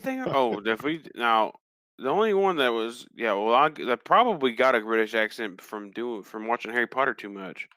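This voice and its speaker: A man's voice: mid-range voice, expressive, moderate pace, sharp tone, no room sound. A man co-hosting a podcast in casual chat, joking and a little hesitant. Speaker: podcast co-host.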